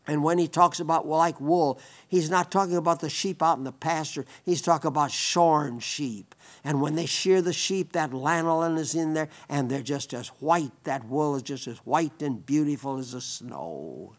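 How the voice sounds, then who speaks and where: A man preaching a sermon, fervent, rising to emphatic peaks and sinking to hushed tones. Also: normal speed, hardly any pauses. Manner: fervent, rises to loud emphatic peaks, then sinks to hushed low tones.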